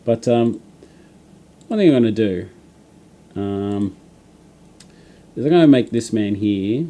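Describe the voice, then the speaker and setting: A man's voice: fairly low pitch, lively intonation, slow pace, warm tone. An Australian man hosting a livestream, chatting casually and reading out viewer comments, rambling with lots of fillers and restarts. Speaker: livestream host.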